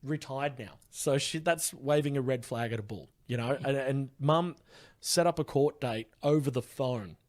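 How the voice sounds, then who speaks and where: A man's voice: mid-range voice, normal speed, hardly any pauses, a little mellow. A man who is a comedian guest on a podcast, telling a story in casual chat with frequent laughs and swearing.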